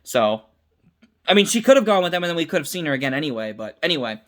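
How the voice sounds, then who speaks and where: A man's voice: fairly high pitch, very animated, quick pace, fairly bright tone. A tired young man giving a casual, unscripted episode review, rambling with restarts and mixing up names.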